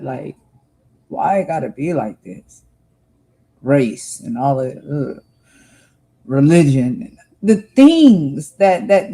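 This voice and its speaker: A woman's voice: mid-range voice, dark tone, slightly rough, rough recording. A woman from the United States hosting a livestream, talking to viewers in an earnest, heartfelt monologue and often repeating herself for emphasis. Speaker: livestream host.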